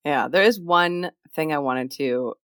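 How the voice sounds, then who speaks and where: A woman's voice: low voice, clean tone, no echo, clean studio sound. A woman co-hosting a book podcast, chatting casually and joking about the story. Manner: conversational, drawn-out and joking.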